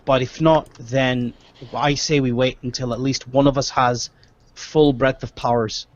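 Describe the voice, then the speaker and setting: A man's voice: medium pitch, steady tone, measured pace, lo-fi sound, lightly acted. A man voicing a cautious male adventurer in a tabletop game, pleading with a put-on accent.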